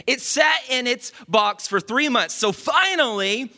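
Animated preacher in a big reverberant hall. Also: male voice, very high-pitched, unhurried. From Dallas, Texas. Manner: animated, self-mocking, confiding asides to the audience. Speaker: pastor. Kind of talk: storytelling sermon.

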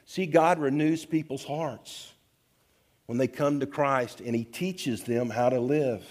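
A man's voice: fairly high pitch, a little mellow. Pastor guy preaching, reading a bible verse and then explaining it. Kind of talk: sermon.

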